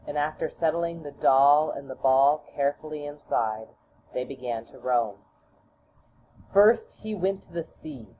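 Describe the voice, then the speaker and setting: A woman reading a children's storybook aloud in a slow, deliberate manner. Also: low voice. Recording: tinny phone-like audio, faint hiss.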